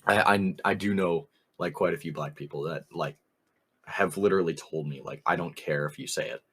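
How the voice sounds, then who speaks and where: At a normal speed, a young man with a low, husky voice co-hosts a podcast and drifts through a rambling anecdote. The chat is casual, full of laughter, and he relays what others said with "I was like."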